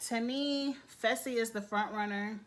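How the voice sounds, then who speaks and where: An expressive woman speaks as she recaps a reality TV episode in casual chat. Her voice swings up and down, and she laughs often. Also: a little high, takes it slowly.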